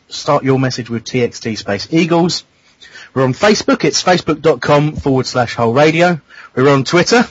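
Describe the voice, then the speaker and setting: A man's voice: mid-range voice, husky, no room sound. A man hosting a casual radio show, teasing his co-hosts. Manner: teasing, jokey. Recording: dull dry lo-fi radio studio sound.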